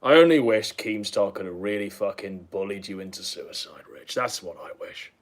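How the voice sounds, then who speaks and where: A man commenting on a video in a loud, crude, mocking way, swearing often and out of breath. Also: on the low side, normal speed. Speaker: streamer watching and mocking a video. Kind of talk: casual profane commentary.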